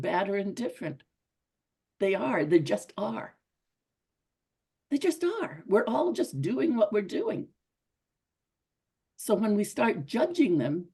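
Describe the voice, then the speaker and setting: A woman's voice: medium pitch, mellow, breathy edge. A middle-aged woman giving an earnest, conversational motivational talk to a group, often repeating herself for emphasis. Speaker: speaker at a women's club.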